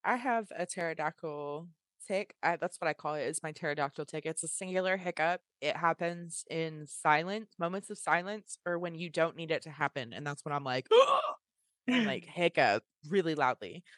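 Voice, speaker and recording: Lower-voiced woman podcast co-host, dry. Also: normal speed, a bit bright, dry recording. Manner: blunt, joking, emphatic. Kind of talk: casual chat.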